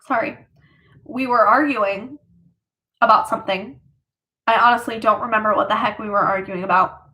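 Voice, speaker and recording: A woman's voice: a little high, pushed and bright. A woman vlogger casually telling a personal story, rambling with lots of fillers.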